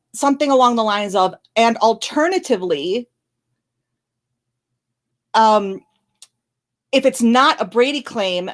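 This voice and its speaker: Woman host on camera, tearful, fast and blunt, fairly high voice, frequent apologies. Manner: fast, blunt, candid talk with many apologies and restarts. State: tearful, crying on and off. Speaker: channel host commenting on a legal case. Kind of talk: emotional live-stream commentary. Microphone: camera recording.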